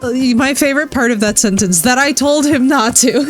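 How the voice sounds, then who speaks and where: A woman's voice: high-pitched, a little fast, soft background music. Playful, swearing woman streaming a game. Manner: playful, swearing, laughing, chatting with viewers. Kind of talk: casual live-stream chat over gameplay.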